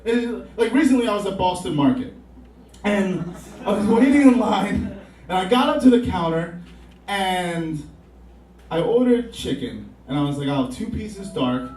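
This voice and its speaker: A man's voice: sits high, lively intonation, moderate pace, a little mellow, a little hiss or hum. A young man doing a rambling, profane, self-mocking stand-up comedy set on a club stage. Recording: roomy club sound from a distance.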